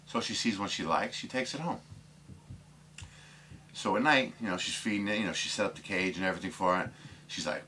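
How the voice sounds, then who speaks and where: A man's voice: low voice, expressive, a little fast, pushed and bright, a little hiss or hum. A man telling dirty jokes casually, rambling with lots of fillers and putting on voices for the characters. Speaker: joke teller.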